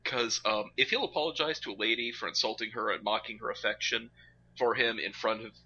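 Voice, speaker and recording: A man co-hosting a podcast in casual chat, animated and quick to laugh. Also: fairly low pitch. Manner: animated, laughs often, puts on mocking voices. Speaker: podcast co-host. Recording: slightly dull lo-fi recording with faint background noise.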